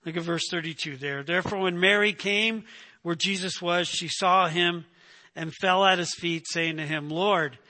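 A man's voice: high voice, moderate pace, pushed and bright. A man preaching through a Bible passage verse by verse, talking conversationally and often asking "right?" to check in with listeners. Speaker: pastor. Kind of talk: expository sermon. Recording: long hall reverb.

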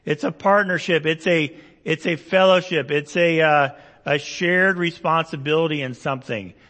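A man's voice: on the high side, normal speed, fairly bright tone, in a large hall. A man preaching a Bible-teaching sermon, explaining verses conversationally with asides and rhetorical questions. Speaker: pastor.

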